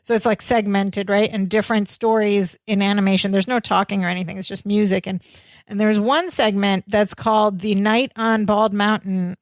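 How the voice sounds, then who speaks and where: A woman's voice: mid-range voice, moderate pace, no echo. Woman cohost going through an old sitcom episode, chatty, dry no-room sound. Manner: animated scene-by-scene retelling. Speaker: podcast co-host. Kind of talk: casual chat.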